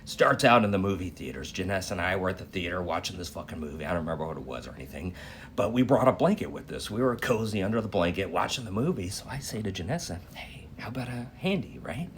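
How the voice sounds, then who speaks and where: A man casually telling a long story in a profane, animated way, tagging lines with "right?". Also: sits low, fast, slight background noise. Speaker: dream storyteller.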